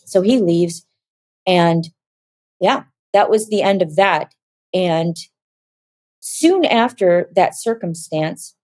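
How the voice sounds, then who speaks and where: A woman with a low, mellow voice tells her life story as an interview guest. She slips into what people said as she goes, and her voice sounds close and dry. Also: no room sound. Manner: animated, acts out dialogue in quoted voices. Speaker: guest giving a testimony. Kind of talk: personal testimony storytelling.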